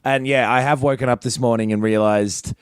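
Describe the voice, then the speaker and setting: A man's voice: medium pitch, fairly even intonation, a little fast, clear, resonant tone, dry recording, studio quality. Laid-back, swearing man on a podcast. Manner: laid-back, swears a lot, laughs often. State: getting sick, short on sleep. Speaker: podcast co-host. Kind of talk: casual chat. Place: in the UK, away from his Melbourne home.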